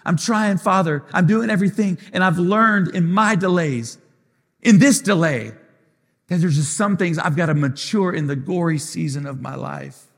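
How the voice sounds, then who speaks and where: Impassioned high-voiced preacher man. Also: lively intonation, normal speed, vocal fry. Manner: impassioned, repetitive preaching with sung, rising phrases. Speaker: lead pastor. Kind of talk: live sermon. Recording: long hall reverb.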